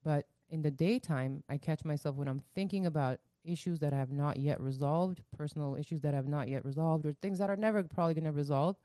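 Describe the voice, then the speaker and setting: A woman's voice: low-pitched, fast talker, hardly any pauses, mellow, no echo. A woman co-hosting a casual talk show, explaining her thoughts at length with many fillers. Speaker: podcast co-host. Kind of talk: casual chat.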